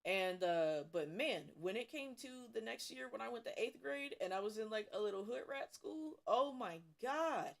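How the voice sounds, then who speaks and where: A woman's voice: fairly high pitch, moderate pace, gravelly, few pauses. Profane young woman telling stories. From Cincinnati, USA. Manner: profane, animated storytelling with bursts of laughter. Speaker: streamer. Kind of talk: casual storytelling while drawing.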